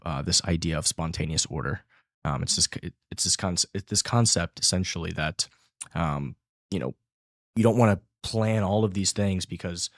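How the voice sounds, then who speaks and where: Deep-voiced eager male podcast host. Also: vocal fry, dry recording, clean studio sound. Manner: eager, affirming, loose with fillers. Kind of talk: casual interview chat.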